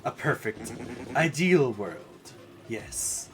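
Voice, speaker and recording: A man's voice: mid-range voice, sing-song, extremely slow, soft background music, pitched below the performer's own voice. A man voicing a pompous, narcissistic villain leader with a grandiose, menacing delivery during a game playthrough. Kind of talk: let's play voice acting.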